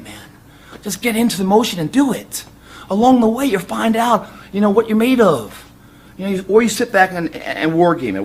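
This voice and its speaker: Man, 30s, fairly high voice, intense profane motivational rambler; echoey room, faint hum. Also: big pitch swings, moderate pace, a little mellow. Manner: intense, profane and rambling, voice rising when fired up. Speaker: fitness motivator. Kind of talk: casual motivational talk.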